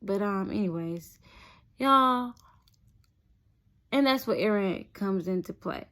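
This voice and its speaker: In a casual vlog, a young woman with a mid-range voice slowly works through a personal story. She's chatty and animated throughout, frequently turning to her viewers with a "y'all."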